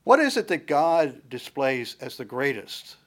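In an unhurried manner and at a medium pitch, a middle-aged preacher works through his sermon. He drives each point home with repeated rhetorical questions, keeping a steady cadence throughout.

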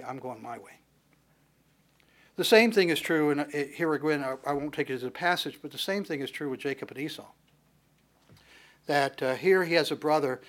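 A man preaching a sermon, retelling scripture in a casual way and acting out bits of dialogue. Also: fairly high pitch. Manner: conversational, retells scripture with acted dialogue and chuckles.

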